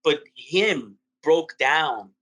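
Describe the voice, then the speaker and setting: A man co-hosting a podcast, chatting casually about a film with rambling fan excitement. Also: fairly high pitch, extremely slow, low-quality recording. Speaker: podcast co-host. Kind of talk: casual movie review chat.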